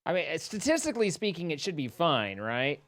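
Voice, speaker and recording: A man's voice: on the high side, very animated, brisk, fairly bright tone, no echo. A man co-hosting a stream, rambling in casual chat with many fillers and restarts. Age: middle-aged. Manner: rambling, self-interrupting, lots of fillers. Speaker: streamer co-host.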